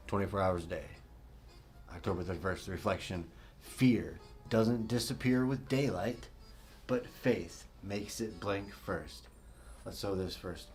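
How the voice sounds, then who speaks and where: A man hosting a recovery talk show as a casual livestream. He rambles playfully, greets viewers by name, and swings between fast chatter and slow, dramatic lines. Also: fairly low pitch, darkish tone.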